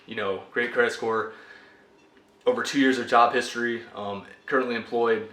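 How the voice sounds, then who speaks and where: Young man venting in a personal vlog, bright and fed up, roomy sound. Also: medium pitch, steady tone, normal speed. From United States. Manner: exasperated, ranting. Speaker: vlogger. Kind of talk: frustrated personal rant. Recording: echoey room.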